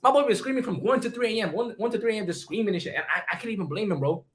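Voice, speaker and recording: A young man streaming, telling a story in casual slang, swearing a lot and often repeating and restarting his phrases. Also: high voice. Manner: rapid, profane slang, lots of repeats and restarts.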